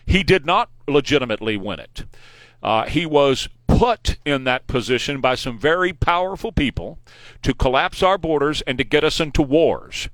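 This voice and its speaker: A man's voice: medium pitch, animated, normal speed, fairly bright tone, no room sound. A man in his forties with a Texan accent, hosting a political talk radio show in an emphatic, opinionated way, repeating points for emphasis. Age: 40s. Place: radio studio. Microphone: studio microphone.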